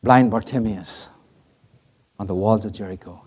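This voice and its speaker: Middle-aged male preacher, warm husky tone, dramatic storyteller who drops to a hush. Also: lowish voice, fairly even intonation, normal speed. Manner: dramatic storytelling, swings from loud to hushed. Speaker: pastor. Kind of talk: sermon.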